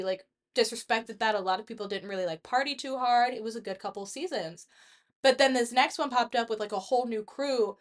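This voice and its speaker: A young woman co-hosts a casual podcast chat with a slightly high voice. She talks bluntly and swears heavily. She fills her sentences with "like". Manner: blunt, heavy swearing, frequent "like". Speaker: podcast co-host.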